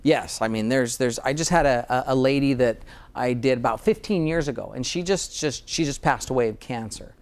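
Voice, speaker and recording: A man's voice: medium pitch, a little fast. A dentist in conversation, speaking earnestly and often repeating words as he starts a thought. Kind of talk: conversational interview.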